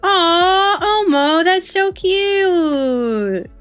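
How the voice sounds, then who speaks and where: A woman streamer draws while chatting casually with her viewers, giggly and teasing in playful banter. Her very high voice is lively in intonation, very slow, and a bit bright, with no room sound and soft music in the background.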